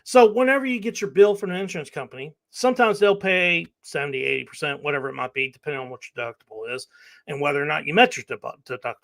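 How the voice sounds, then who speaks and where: Man, casual podcast chat, somewhat high voice, frequent laughs, hesitant fillers. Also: very fast, vocal fry, fairly bright tone.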